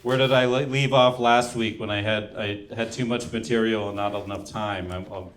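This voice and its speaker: A man's voice: lowish voice, steady tone, normal speed, fairly bright tone. A young man doing a stand-up set, delivering one-liners and trailing off into mumbles between jokes. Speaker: stand-up comedian. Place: comedy club stage.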